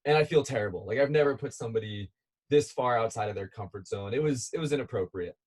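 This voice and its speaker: A man in casual conversation with a voice of ordinary middle pitch. He tells his story in a loose, rambling way and laughs between lines. His manner is easygoing and friendly. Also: fast talker, darkish tone, breathy edge. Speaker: guest.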